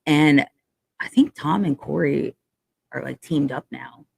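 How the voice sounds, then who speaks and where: Woman, young adult, teasing, laughs a lot, lowish voice. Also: unhurried, vocal fry, a little mellow, slightly rough. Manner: teasing, laughs often, swears casually. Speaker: podcast co-host. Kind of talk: casual sports podcast chat.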